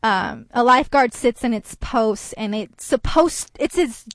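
A woman telling a personal story in an earnest, reflective way, with hesitant pauses and restarts. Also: on the high side, no room sound.

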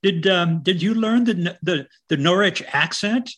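Husky older American man, reflective. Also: high voice, measured pace, a bit bright. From Iowa, United States. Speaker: guest, poet and writer. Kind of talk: reflective conversational storytelling.

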